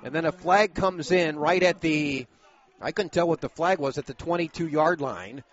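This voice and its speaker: A man calling high school football play-by-play, brisk and steady, bursting into shouts on big plays. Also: lo-fi sound. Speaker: play-by-play announcer.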